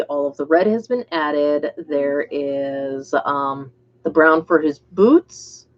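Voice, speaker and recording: A woman's voice: low-pitched, dull audio. A woman hosting a casual livestream, chatting to viewers by name as she paints miniatures.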